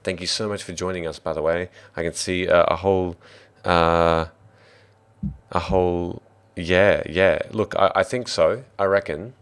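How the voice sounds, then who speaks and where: Hosting a tabletop game stream as its dungeon master, an Australian man rambles cheerfully and keeps starting over mid-thought. His low voice stays steady, smooth, and unhurried through the casual chat.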